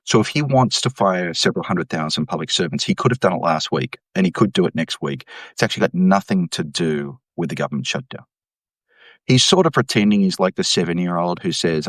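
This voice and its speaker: A man, an economics professor, explaining policy in an interview with an emphatic, animated delivery. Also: deep voice, normal speed, no echo. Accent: Australian. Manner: animated, emphatic, mimics voices when quoting.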